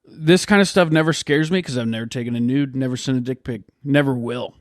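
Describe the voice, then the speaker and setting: A man's voice: mid-range voice, fairly quick, no room sound, studio quality. A man co-hosting a podcast in an apartment, talking casually with a teasing, sarcastic edge. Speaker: podcast co-host. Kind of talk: casual chat.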